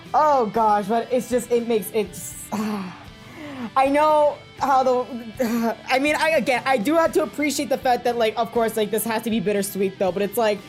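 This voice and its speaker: A woman with a fairly high voice gushes emotionally in a casual fan chat, rambling through her thoughts with plenty of fillers. Faint music plays softly behind her. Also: a little slow. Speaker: podcast co-host.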